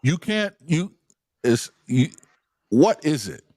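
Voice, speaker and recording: A man's voice: on the high side, very animated, slow, darkish tone, dry recording. Insistent man lecturing a panel. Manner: insistent, lecturing, cuts others off. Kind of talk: livestream panel discussion.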